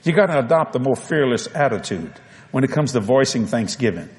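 A man with a Cajun accent preaching a folksy storytelling sermon, swinging from loud to soft. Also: mid-range voice, big pitch swings, brisk. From Louisiana.

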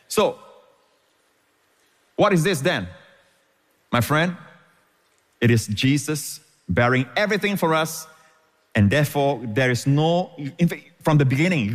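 A man's voice: mid-range voice, in a large hall. A man preaching a sermon as pastor, emphatic and repeating phrases for stress.

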